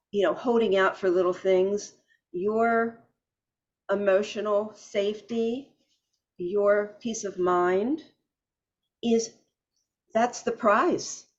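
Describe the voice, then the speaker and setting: A woman hosting an interview, speaking in a steady, affirming, reflective way. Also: lowish voice, dull audio. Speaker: podcast host. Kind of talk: conversational interview.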